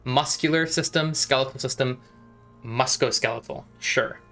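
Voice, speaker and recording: A man with a voice of ordinary, mid-range pitch chatting casually over his gameplay. He makes amused, wry remarks and chuckles through them. Game music sits quietly in the background. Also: moderate pace. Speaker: let's play commentator. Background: faint game music.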